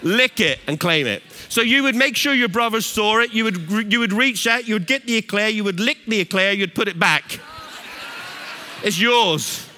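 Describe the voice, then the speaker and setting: A middle-aged English man preaching a sermon, telling a funny family story in a playful, animated way. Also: high-pitched, a little fast, hardly any pauses. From England. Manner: animated, playful, laughs at his own stories. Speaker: pastor.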